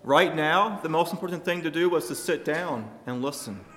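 A man preaching a sermon to his congregation, speaking emphatically and shifting his loudness for emphasis. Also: fairly high pitch, lively intonation, normal speed, big-room sound, a little hiss or hum.

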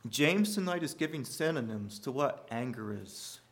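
A man preaching a sermon in an earnest way, repeating key phrases and swinging between loud emphasis and quiet, hushed lines. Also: mid-range voice, expressive, normal speed. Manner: earnest preaching with sudden rises and quiet drops. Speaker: pastor.

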